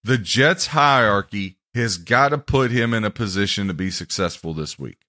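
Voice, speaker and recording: A man hosting a sports podcast, ranting and mocking teams and players in a loud, heated way. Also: on the low side, animated, moderate pace. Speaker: podcast host.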